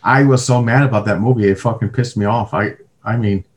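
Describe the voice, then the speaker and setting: A man's voice: on the low side, brisk. A man co-hosting a casual movie review podcast, swearing and laughing along. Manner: animated, laughing, profane. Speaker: podcast co-host.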